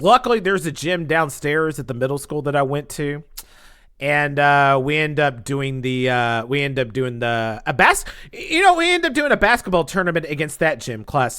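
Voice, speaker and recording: A man telling a casual story on his vlog in a dramatic way, full of slang and sound effects. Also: on the high side. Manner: animated, dramatic, acts out scenes and sound effects; casual slangy speech with lots of fillers. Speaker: storytelling vlogger.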